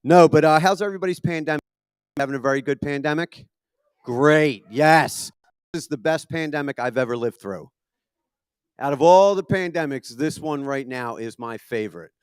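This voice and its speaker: With a slightly high, clear and resonant voice at a moderate pace, a thirtysomething man from Philadelphia does stand-up before a live audience in a comedy venue. The sound is clean and studio-grade with no echo. He swears a lot, keeping the jokes punchy, profane and at his own expense.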